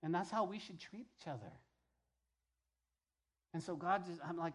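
A male pastor from New Mexico preaching a sermon to his church, acting out voices and swinging between loud calls and quiet asides. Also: on the high side, moderate pace, long pauses, breathy edge. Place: church sanctuary.

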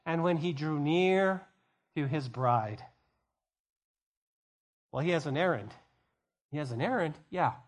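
Emphatic pastor acting out scenes. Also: male voice, a little high. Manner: acts out scenes in quick character dialogue; emphatic, repeats key phrases. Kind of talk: sermon.

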